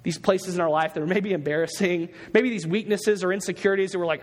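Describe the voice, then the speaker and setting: A male pastor delivers an earnest sermon, repeating his key phrases for emphasis. His voice sits high for a man. The sound rings with the long reverb of a church sanctuary. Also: fairly quick, hardly any pauses, breathy edge.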